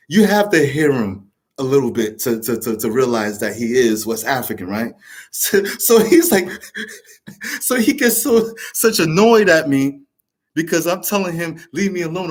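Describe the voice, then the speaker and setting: A man talking straight to camera in a passionate, rambling way, swearing often and restarting his sentences. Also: fairly high pitch. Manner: restarts and repeats words. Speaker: show host. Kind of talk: casual monologue to camera.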